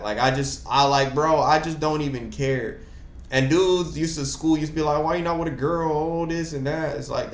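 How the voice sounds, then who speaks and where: A young man hosting a casual chat, talking in an animated, rambling and slangy way. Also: mid-range voice, echoey room. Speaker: host.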